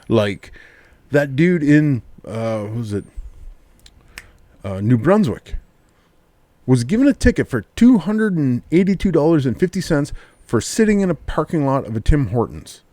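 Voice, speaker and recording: A man chatting casually, telling stories with lively changes of voice. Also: mid-range voice, moderate pace, pauses often, no echo. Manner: animated storyteller, acts out quotes. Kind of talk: casual chat.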